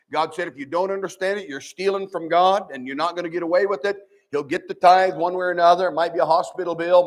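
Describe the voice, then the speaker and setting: Older guy preaching in church, kinda high voice, folksy, earnest, lots of restarts. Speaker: pastor. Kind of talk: sermon. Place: church sanctuary.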